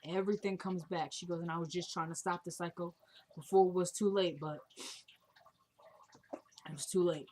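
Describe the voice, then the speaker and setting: A woman's voice: lowish voice, steady tone, moderate pace, long pauses, a little mellow. A woman casually retelling a TV episode scene by scene, quoting each character's lines in her own voice. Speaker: TV show recapper.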